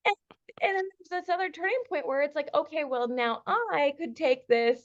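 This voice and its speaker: Animated woman telling a relationship story. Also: sits high, normal speed, highs cut off. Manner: animated storyteller acting out dialogue with laughs. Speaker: relationship coach. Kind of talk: storytelling in a podcast interview. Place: lives in Bali.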